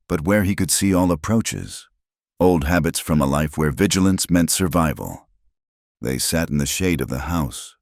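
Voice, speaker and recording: A man telling a western tale in slow, measured narration. His voice is extremely low and gravelly. The sound is close and dry. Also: darkish tone, no room sound. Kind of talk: scripted narration.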